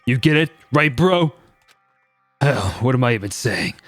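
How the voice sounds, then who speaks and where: A man voicing a swaggering young biker gang leader who talks fast and gruff. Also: mid-range voice, lively intonation, a bit bright, no echo, faint music behind. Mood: brash.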